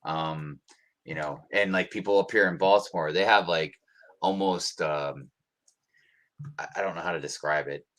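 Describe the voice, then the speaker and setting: An American co-host of a livestream speaks low at a normal speed, leaving long pauses. He chats casually, relaxed and rambling, with frequent ums.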